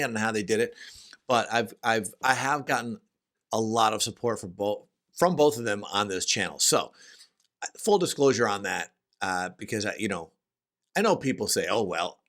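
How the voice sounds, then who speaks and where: A middle-aged man speaks in a hoarse, somewhat low voice from his home studio. He chats casually about a fragrance, often restarting and repeating himself as he goes. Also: bright, forceful tone. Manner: chatty, with frequent restarts and repetitions. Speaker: fragrance reviewer. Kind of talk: casual review chat.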